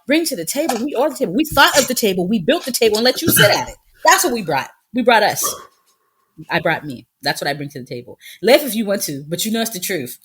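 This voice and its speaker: Sassy husky woman in her thirties. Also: mid-range voice, big pitch swings, quick pace, a bit bright. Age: 30s. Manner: sassy, emphatic, laughing storyteller. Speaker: podcast co-host. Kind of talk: casual chat.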